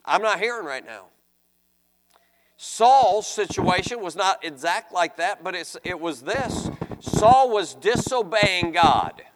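A man preaching a sermon, reading scripture and acting out pleading voices with animated emphasis. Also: high-pitched, takes it slowly, slight background noise. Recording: long hall reverb.

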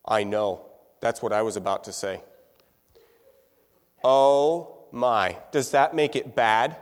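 A man's voice: medium pitch, takes it slowly, big-room sound. A man teaching music to a room full of people, talking casually and asking them questions. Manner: conversational, asks the room questions. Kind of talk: classroom lecture.

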